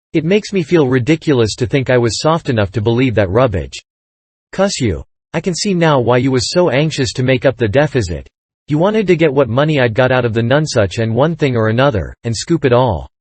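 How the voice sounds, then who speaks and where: A man's voice: mid-range voice, darkish tone, breathy edge, no echo. A man reading aloud, voicing an angry, bossy male con-man duke who scolds sharply.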